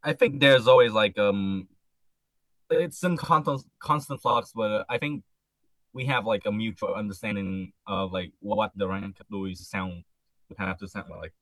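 A man's voice: fairly low pitch, a little slow, fairly bright tone, dry recording. A man, a band member, talking hesitantly in an interview, packing in "like" and trailing off. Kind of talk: casual interview chat.

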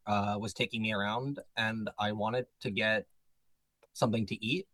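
A man, a band member, chatting casually in an interview, animated, laughing often and jumping up high on exclamations. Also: normal speed, no echo, rough recording.

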